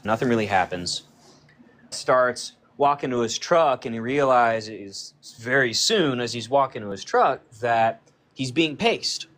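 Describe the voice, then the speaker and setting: A man guesting on a podcast casually retells a friend's encounter, acting out the dialogue as he goes. His mid-range voice is a bit bright, and his loose, conversational storytelling is packed with "like" fillers.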